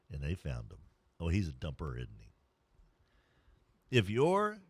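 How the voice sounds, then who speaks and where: On a morning sports radio show, a man with a lowish, slightly rough voice jokes his way through live ad reads, mock-whispering and putting on funny voices. The recording is dry.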